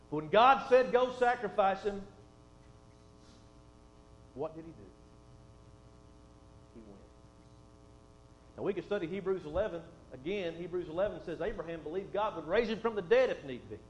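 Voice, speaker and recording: A man preaching a sermon and reading scripture, folksy and conversational, dropping soft and then swelling for emphasis. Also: high-pitched. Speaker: pastor. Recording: roomy, dull sound with faint hum.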